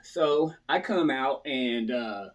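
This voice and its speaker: A man's voice: medium pitch, expressive, takes it slowly. A man casually telling viewers a story from his past, often asking "right?" and acting out other people's lines. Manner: talks to viewers, repeatedly tags lines with "right?".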